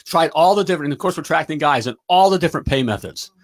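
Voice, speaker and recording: Energetic, upbeat male talk show host. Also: a little high, racing. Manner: energetic, pep-talk style with frequent "all right?" check-ins. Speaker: talk show host and plumbing business coach. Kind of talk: live-stream talk show chat.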